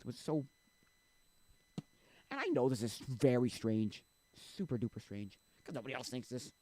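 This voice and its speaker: A man's voice: mid-range voice, mellow, no room sound. A young man live streaming, rambling in casual chat with many restarts and trailing thoughts.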